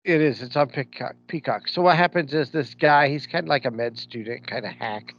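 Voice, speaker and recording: In dull lo-fi podcast audio with slight background noise, a Midwestern American co-host speaks briskly at a medium pitch with a fairly bright tone. He chats casually, bluntly, and opinionatedly, using slang like "ain't."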